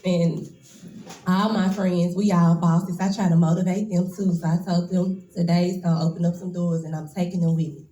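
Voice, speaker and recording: A woman's voice: on the low side, flat delivery, normal speed, dark tone, roomy sound, low-quality recording. A woman in her twenties gives a nervous, emotional, casual speech as a braider at a hair shop event. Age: 20s.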